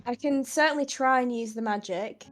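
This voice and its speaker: A woman with a high voice plays a tabletop game. She talks casually and weighs her options with some hesitation. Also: normal speed, faint music behind. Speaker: player. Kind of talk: casual tabletop role-play.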